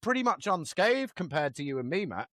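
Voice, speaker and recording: A man's voice: high-pitched, big pitch swings, fairly quick, fairly bright tone, no echo. A man co-hosting a podcast, telling family stories in casual chat, laughing and swearing freely. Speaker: podcast co-host.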